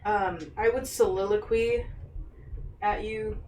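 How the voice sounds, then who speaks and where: A woman player at a tabletop game talking in a chatty, easygoing way at a middle pitch. The voice sounds distant in an echoey room with faint hiss. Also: fairly even intonation, takes it slowly, darkish tone. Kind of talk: casual tabletop game session.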